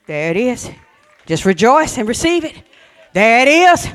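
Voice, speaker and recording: A woman preacher delivering an exuberant Pentecostal-style sermon, calling out to the congregation, swinging between shouts and hushed scripture reading. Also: fairly high pitch, sing-song, a little slow. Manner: calls out and has the congregation repeat lines.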